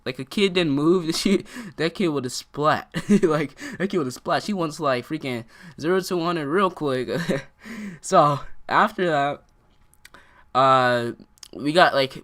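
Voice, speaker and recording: Bright-voiced guy rambling through a story. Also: fairly high pitch. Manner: rambling, heavy on filler words. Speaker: vlogger. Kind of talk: casual storytime.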